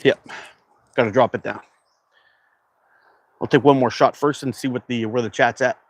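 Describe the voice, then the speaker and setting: A man's voice: mid-range voice, fairly even intonation, moderate pace, slight background noise. A man from Canada hosting a casual livestream, chatting and reading viewer comments aloud in a loose, rambling way. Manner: laid-back, rambling with fillers. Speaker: livestream host.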